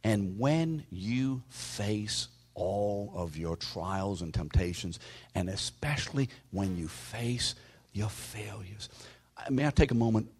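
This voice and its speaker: A male pastor preaches to his congregation with a low, husky voice. He talks to them conversationally and calls out listeners by name. At times he sinks into a hushed whisper to drive a point home. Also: lively intonation, slow pace. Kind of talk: sermon.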